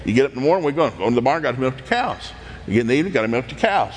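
A man's voice: medium pitch, racing, in a large hall, a little hiss or hum. Man telling folksy farm stories. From East Tennessee, USA. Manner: animated, laughs often, acts out voices. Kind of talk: folksy anecdotal storytelling.

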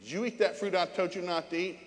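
A man's voice: high-pitched, quick pace, long reverb tail, voice pushed up, natural voice. A man preaching voices God as a stern male figure firmly questioning a man who hid. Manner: firm, questioning.

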